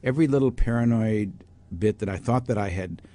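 In a storytelling interview, an older doctor and writer speaks briskly with a fairly low pitch. He animates his anecdotes by performing the voices he quotes, and often breaks off to start a sentence over.

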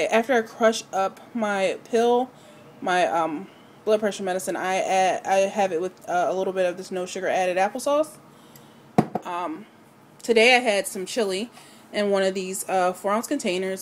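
A woman talking through a casual home video diary, slightly out of breath, hesitant with many pauses and fillers. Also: medium pitch, slight background noise. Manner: hesitant, many ums and restarts. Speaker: vlogger.

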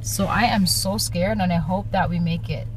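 A woman's voice: on the low side, moderate pace, slight background noise. A young woman from Canada, vlogging from a car in a chatty, playful, slangy way. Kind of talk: casual vlog chat.

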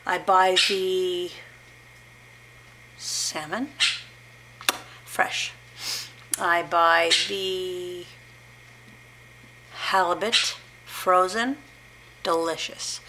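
A woman's voice: on the low side, extremely slow, long pauses, pushed and bright, slight background noise. A woman in her fifties from the Pacific Northwest, chatting at home in a rambling, enthusiastic way for her video blog. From Pacific Northwest, USA. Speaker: juicing vlogger. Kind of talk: casual home vlog. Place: home with a pet bird.

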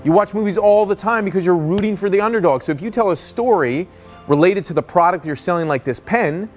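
A man whose voice sits high speaks briskly over soft background music. He's a business coach giving an energetic, motivational sales talk, telling stories and voicing the characters within them.

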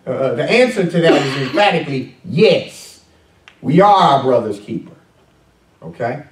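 A man's voice: medium pitch, animated, normal speed. A male pastor preaching a conversational sermon, full of fillers and questions to the congregation. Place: church sanctuary. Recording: echoey church room, mic at a distance.

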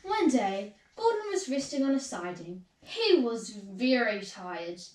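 A woman reading a children's storybook aloud in an expressive, sing-song way, recorded in an echoey room far from the mic. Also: a little high, unhurried.

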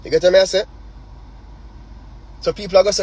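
Jamaican guy going off on a phone live, husky voice, kinda high, talks in patois and keeps repeating himself. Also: fairly even intonation, fairly quick, darkish tone, rough recording. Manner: impassioned, Jamaican patois, repeats words, rhetorical questions. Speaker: artist on a live stream. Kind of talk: heated direct address.

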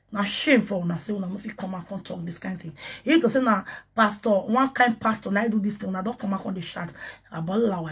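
A woman from Nigeria with a Nigerian Pidgin accent, ranting excitedly on a casual livestream and breaking into chanted syllables and laughter. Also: medium pitch, breathy edge. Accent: Nigerian Pidgin English. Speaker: social media personality.

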